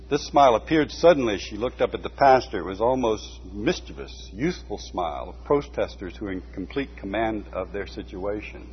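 A man reading a book aloud at a measured pace, stopping now and then for short asides. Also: fairly low pitch. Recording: dull lo-fi recording with faint hum.

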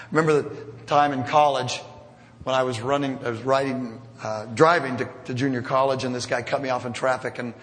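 A man's voice: mid-range voice, steady tone, moderate pace, fairly bright tone. A middle-aged man preaching a sermon as pastor, conversational and self-deprecating, with humorous asides. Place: church sanctuary. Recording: long reverb of a church hall.

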